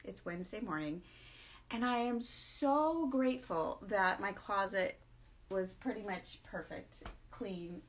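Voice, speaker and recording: A woman's voice: medium pitch, expressive, slow, a little hiss or hum. A middle-aged woman hosting a casual morning vlog, tired, chatty and self-mocking, laughing often as she talks. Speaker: vlog host.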